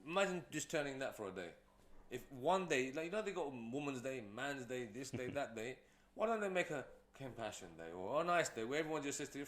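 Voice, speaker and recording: A man's voice: mid-range voice, animated, fast, hardly any pauses, fairly bright tone, echoey room. A man who is a guest entrepreneur, telling stories in a casual, rambling way with many fillers. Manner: rambling, storytelling, frequent fillers. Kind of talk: casual interview talk.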